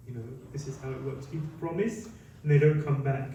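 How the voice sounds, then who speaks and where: Storytelling monk in an echoey hall. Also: male voice, fairly high pitch, brisk, slight background noise. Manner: lively anecdotal storytelling, acts out quotes. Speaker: monk giving a talk. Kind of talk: storytelling talk. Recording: very echoey hall, mic at a distance.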